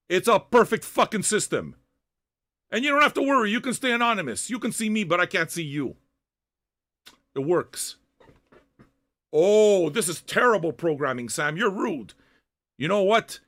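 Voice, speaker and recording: Older male stream host, high raspy voice, very animated, profane shouty ranting. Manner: loud, swearing, half-shouting tirades. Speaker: livestream host reacting to music. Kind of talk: profane rant at chat viewers.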